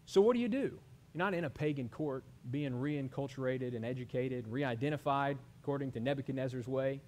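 A man's voice: mid-range voice, fairly quick, a little mellow. Earnest preaching man in his thirties. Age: 30s. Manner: earnest preaching with rhetorical questions to the congregation. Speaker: pastor. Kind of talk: sermon.

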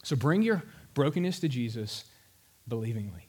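A man preaching a sermon in a conversational, animated storytelling manner. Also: mid-range voice, normal speed, breathy edge. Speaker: pastor.

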